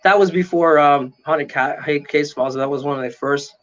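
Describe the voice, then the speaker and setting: Excitable man telling a dramatic story. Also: a little high, moderate pace, muffled recording. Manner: excitable, dramatic retelling with frequent "right?". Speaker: paranormal investigator guest. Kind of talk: animated storytelling in casual interview.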